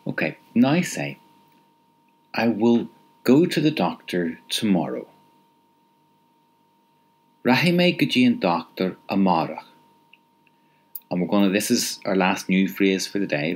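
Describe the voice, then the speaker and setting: A lowish-voiced man gives a recorded language lesson, saying phrases again and again with patience and stopping for the listener to answer, sometimes with a light chuckle.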